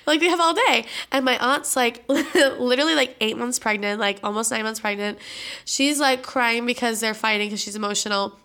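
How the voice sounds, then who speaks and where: A woman's voice: a little high, moderate pace. A young woman co-hosting a podcast, telling a family story in casual, profane chat full of fillers. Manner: animated, profane, lots of "like" fillers. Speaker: podcast co-host.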